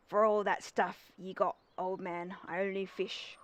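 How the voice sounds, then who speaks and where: A woman voicing a gruff old male fisherman in a game, with a put-on accent that keeps wandering. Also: mid-range voice, little pitch movement, slow pace, natural voice. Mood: haggling.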